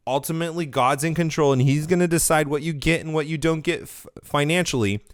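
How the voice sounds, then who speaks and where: This is a man hosting a podcast by himself, speaking in a casual, rambling way. He corrects himself mid-phrase and drifts between thoughts. A cold he is getting over has left his throat dry. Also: mid-range voice. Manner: rambling, self-correcting, conversational. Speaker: podcast host. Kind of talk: casual solo podcast commentary.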